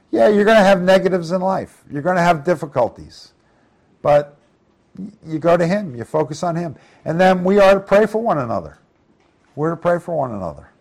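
Here a middle-aged preacher with a fairly high, darkish-toned voice guides a Bible study. After reading each passage aloud, he explains it casually and invites the group to answer questions.

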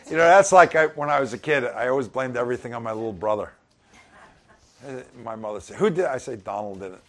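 A man's voice: mid-range voice, fast. A middle-aged man giving an informal sermon, conversational with chuckling asides. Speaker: pastor.

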